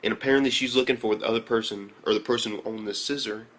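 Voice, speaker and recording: A young man giving a casual, profane, excitable recap of an anime episode, often breaking into high exclamations. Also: quick pace. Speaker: anime reviewer.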